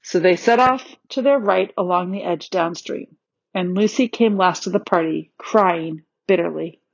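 A woman reading a children's novel aloud as an audiobook narrator, calm and clear. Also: on the low side, normal speed, dry recording. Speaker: audiobook reader. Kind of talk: storybook narration. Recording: dull, slightly lo-fi dry recording.

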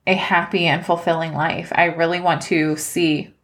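A woman's voice: lowish voice, flat delivery, moderate pace, a bit bright. A woman in her thirties hosting a personal podcast, talking earnestly and close to tears. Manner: earnest, emotional, tearful at times. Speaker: podcast host. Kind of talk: personal life-update podcast.

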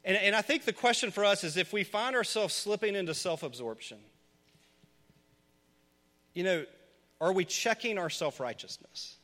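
A man with a high, bright, ringing voice delivers an earnest sermon to his congregation, his words trailing off into the long reverb of a church hall. He presses his points with repeated questions that grow loud and pleading. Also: animated, normal speed, long pauses. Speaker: pastor.

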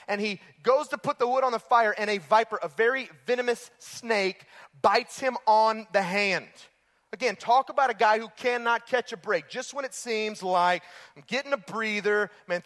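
A man preaching a sermon as pastor, telling the story in an animated way and acting out exasperated outbursts. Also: high-pitched, in a large hall.

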